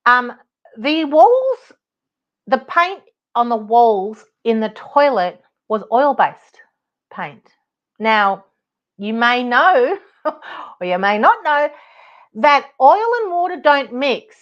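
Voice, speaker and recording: Animated Australian woman telling a story. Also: fairly high pitch, takes it slowly, long pauses. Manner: animated, exasperated, laughs often, swears. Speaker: podcast host, property advocate. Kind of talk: casual storytelling monologue. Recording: dull lo-fi podcast audio.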